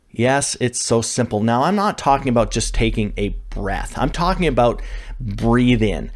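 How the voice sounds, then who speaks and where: A man's voice: mid-range voice, lively intonation, a little slow, darkish tone. Man coaching in a loose, chatty way. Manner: conversational, with frequent fillers and self-corrections. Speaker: leadership coach. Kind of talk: instructional talk.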